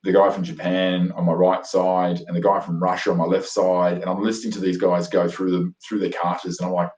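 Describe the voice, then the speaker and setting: Aussie guy telling a story, lowish voice, lots of um and you know, echoey room. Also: flat delivery, a little fast, darkish tone. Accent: Australian. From Australia. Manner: enthusiastic, rambling, lots of fillers and restarts. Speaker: guest. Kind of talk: animated storytelling in conversation. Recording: roomy echo.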